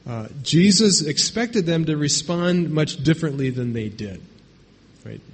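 A man's voice: on the high side, expressive, measured pace, breathy edge. A man preaching a sermon in a conversational way, often checking in with "right?" and restarting his phrases. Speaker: pastor. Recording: long hall reverb.

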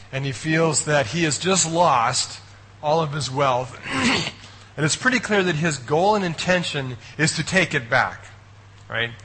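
A man's voice: fairly high pitch, sharp tone, slightly rough, low-quality recording. A man preaching a sermon in a conversational way, often checking in with his listeners and adding wry asides. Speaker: pastor.

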